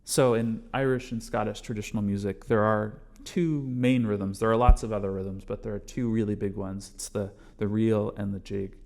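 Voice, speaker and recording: A man teaching a bodhrán class, patiently explaining strokes step by step and calling them out loudly as he plays. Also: fairly low pitch, steady tone, normal speed, creaky, hardly any pauses. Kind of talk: music lesson, counting along with drumming.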